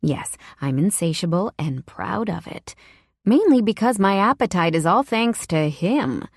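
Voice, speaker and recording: A woman narrating a romance novel in the first person, with an intimate, hushed delivery. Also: mid-range voice, expressive, measured pace, slightly rough, no room sound, studio quality. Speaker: audiobook narrator.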